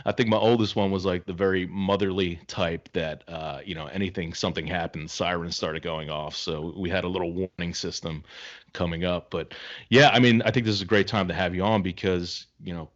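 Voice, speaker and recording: A man's voice: low-pitched, steady tone, brisk, dull audio. A man co-hosting a podcast, telling rambling, anecdotal stories in casual chat. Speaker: podcast co-host.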